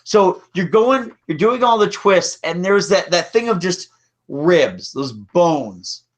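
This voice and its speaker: A man's voice: sits high, expressive, takes it slowly. A man hosting a casual podcast chat, talking in a rambling way with frequent restarts. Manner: chatty, rambling, restarts often. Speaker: podcast host. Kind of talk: casual chat about theme park rides.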